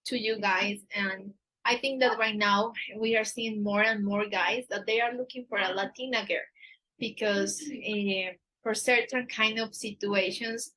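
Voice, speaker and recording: Colombian lady hosting a live stream, spanish is her first language, lots of "eh" pauses, bright tone. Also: mid-range voice, fairly even intonation, poor audio. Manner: halting, with many drawn-out "eh" fillers. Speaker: dating agency host.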